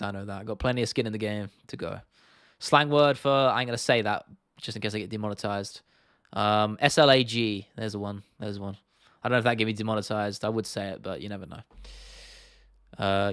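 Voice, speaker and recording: A man's voice: medium pitch, fairly bright tone, dry recording, clean studio sound. A young British man in his twenties hosting a livestream, chatting casually, swearing freely and answering viewer comments in a rambling way. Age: 20s. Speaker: livestream host.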